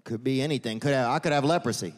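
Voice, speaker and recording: Performing stand-up at a live venue, a medium-pitched man talks quickly and rambles through his story. He keeps correcting himself and tosses in deadpan asides.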